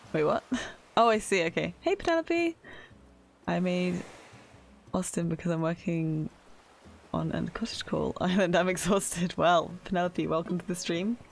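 A woman's voice: fairly low pitch, creaky, slight background noise. A young woman casually chatting with viewers while playing a game on a live stream, often laughing, squealing and calling herself silly. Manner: excitable, squeals and laughs often, self-deprecating.

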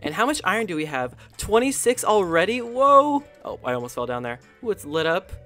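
Excitable gaming commentator, faint music. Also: medium pitch, quick pace. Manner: excitable, chatty, gasps and coos often. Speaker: host of a gaming channel. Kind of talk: casual gameplay commentary.

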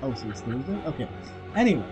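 A man's voice: medium pitch, sing-song, fast talker. A man riffing sarcastically and crudely while friends play a video game. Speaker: co-commentator on a game playthrough. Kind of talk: casual joking chat. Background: game music.

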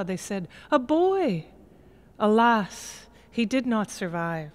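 A woman storyteller narrating a folk tale in a lyrical, expressive way in a museum gallery. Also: mid-range voice.

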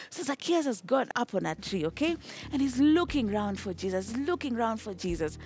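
A woman tells a Bible story to children in a high, bright voice that swoops up and down with animation. She sings short songs and keeps checking in with the kids. Faint music plays behind her. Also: normal speed, breathy edge. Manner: animated storytelling, singing, frequent "okay?" checks. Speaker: Sunday school teacher.

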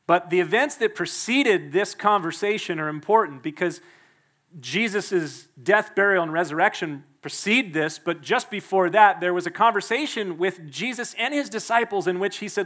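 A male pastor preaching a sermon in a church, emphatic and quick to act out the people he quotes. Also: high voice, animated, fairly bright tone. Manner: emphatic, acts out the quoted speakers.

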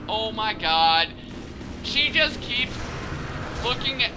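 High, lively gamer over loud game music. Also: male voice, slow pace. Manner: joking, swearing, talks at the character. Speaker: let's play gamer. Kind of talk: casual gameplay commentary.

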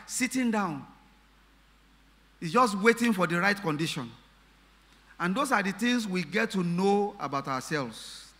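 A male pastor delivers an emphatic sermon, his voice pitched high for a man. The tone is bright and forceful, and he leans on repeated phrases and questions to his congregation. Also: in a large hall. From Nigeria. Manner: emphatic preaching with repetitions and rhetorical questions.

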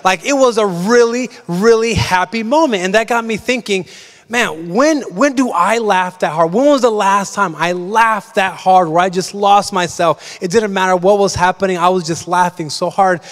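A man's voice: high-pitched, moderate pace. A young man preaching a casual, story-driven sermon as pastor, full of fillers like "like" and "um". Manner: chatty storytelling, lots of fillers. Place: large church. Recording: long reverb of a large church.

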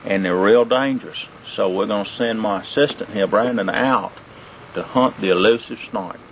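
A man's voice: fairly low pitch, normal speed, fairly bright tone, slight background noise, pitched below the performer's own voice, low-quality recording. A man playing a goofy wildlife-show host with mock bravado and folksy repeated "mate", in an amateur home-video parody recorded outdoors at night. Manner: folksy exaggerated showman talk, repeats "mate".

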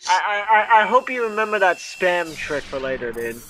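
A man's voice: high voice, sing-song, normal speed, pushed and bright, slight background noise. A man co-commentating a gameplay video with teasing, profane banter. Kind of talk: casual game commentary.

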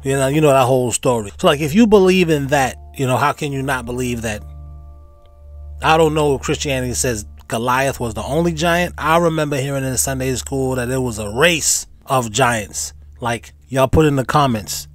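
A man's voice: medium pitch, normal speed. A man hosting a reaction video, thinking aloud in a rambling, informal way. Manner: rambling, conversational, informal grammar. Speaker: host reacting to clips. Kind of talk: casual reaction commentary.

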